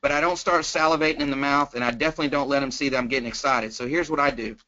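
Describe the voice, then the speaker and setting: A man coaching insurance sales on a conference call, energetic and checking in with the listener again and again. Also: medium pitch, rapid-fire. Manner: energetic, keeps checking in with "okay?". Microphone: phone. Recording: muffled conference-call phone line.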